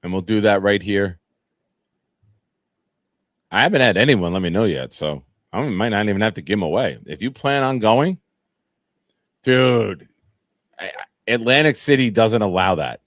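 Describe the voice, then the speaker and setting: A man's voice: fairly low pitch, animated, normal speed, pauses often, fairly bright tone, no echo, studio quality. A man, hosting a sports talk show and chatting loosely, rambling through profane stories and fan comments. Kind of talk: casual live-stream chat reading fan comments.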